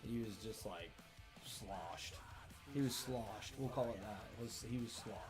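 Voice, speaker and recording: A man in his thirties hosting a livestream, telling a story in a loose, profane, animated way. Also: fairly low pitch, measured pace, music in the background. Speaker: livestream host. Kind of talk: casual storytelling to a live chat.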